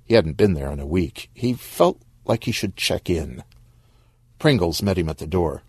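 A man narrating a short story in a wry, expressive storybook reading. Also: low-pitched, moderate pace, husky, dry recording, clean studio sound.

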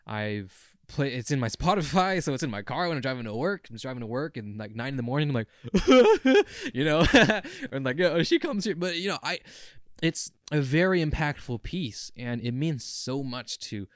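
A man's voice: mid-range voice, animated, fairly quick, dry recording. A young man co-hosting a podcast, talking in an earnest, rambling and emotional way. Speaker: podcast co-host. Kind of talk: casual chat.

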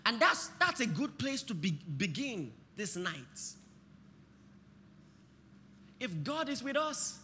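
A man preaching a sermon, impassioned, breaking into shouts and having the congregation repeat lines after him. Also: high-pitched, long reverb tail, a little hiss or hum.

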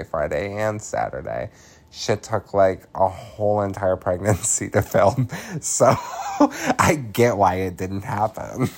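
An unhurried podcast host walks through a film's plot in a loose, chatty way, leaning on filler words and dropping casual profanity. The delivery is lively and melodic, with the pitch swinging freely. It's relaxed recap talk, not scripted narration. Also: gravelly. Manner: chatty, filler-heavy, swears freely, laughs often.

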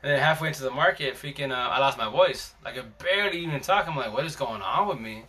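Male live-stream host, bright tense tone, slangy rambling storyteller. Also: mid-range voice, animated, fast, slightly rough. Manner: rambling, slangy, frequent restarts. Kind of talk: casual storytelling chat.

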